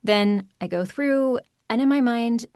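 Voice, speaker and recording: Woman narrator, podcast guest, emphatic and quick, dry close sound. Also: fairly high pitch, no echo. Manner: animated, emphatic, quick asides. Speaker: audiobook narrator. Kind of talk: podcast interview, conversational.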